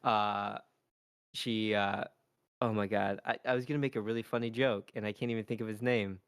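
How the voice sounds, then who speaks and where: A man's voice: on the low side, moderate pace, clean tone, no echo, clean studio sound. A man co-hosting a podcast, telling jokey stories in casual chat over a video call. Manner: animated storyteller, jokey. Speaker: podcast co-host.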